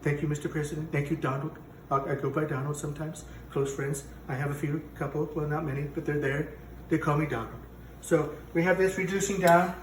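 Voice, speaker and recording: Recorded by a distant mic in an echoey home kitchen with slight hiss or hum, a man speaks in a fairly high, fairly even voice that's fairly quick with few pauses and close to everyday speech. He's parodying a bragging, rambling, self-contradicting president who hosts a cooking show.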